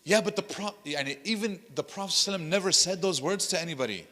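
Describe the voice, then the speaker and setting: A man's voice: sits high, fast, pushed and bright, long reverb tail. A man, an imam, leading a workshop, who tells stories animatedly, acts out what others said, and mixes Arabic phrases into his talk. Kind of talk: workshop teaching with told stories. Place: hall of an Islamic center.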